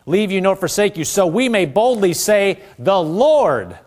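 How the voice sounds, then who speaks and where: A man's voice: sits high, moderate pace. A man preaching a sermon, calling on the congregation to repeat after him, with a conversational manner full of asides. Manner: lively preaching with call-and-response. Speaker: pastor.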